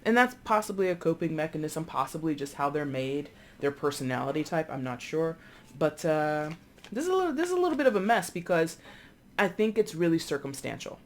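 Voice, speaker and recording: A tarot reader giving a casual, rambling reading with many asides. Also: medium pitch. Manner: chatty, rambling, animated with frequent asides.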